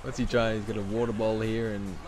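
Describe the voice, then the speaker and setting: Over crowd noise, a gaming channel host offers rambling, conversational commentary on a wrestling video game, often breaking off mid-thought. His lowish voice is brisk and shows little pitch movement.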